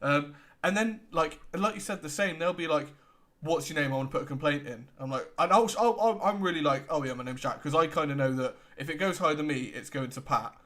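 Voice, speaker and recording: A young man with a British accent, co-hosting a casual podcast, relaxed and laughing often as he retells customer exchanges. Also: fairly high pitch, fairly quick. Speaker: podcast co-host. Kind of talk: casual chat.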